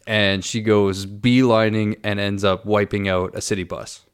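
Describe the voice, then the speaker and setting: A man's voice: fairly low pitch, level tone, a little slow, clean tone. A man in his thirties, co-hosting a podcast and telling a long travel anecdote with rambling asides and self-corrections. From Canada. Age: 30s. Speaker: podcast co-host. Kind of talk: casual storytelling.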